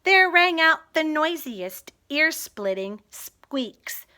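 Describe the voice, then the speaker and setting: Female storybook reader, rhythmic and expressive, unhurried, high bright voice. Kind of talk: children's story read-aloud.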